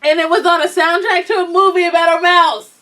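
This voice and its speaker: A woman's voice: very high-pitched, fairly even intonation, fairly quick, sharp tone, far from the mic. A woman co-hosting a casual chat, giggly and insistent.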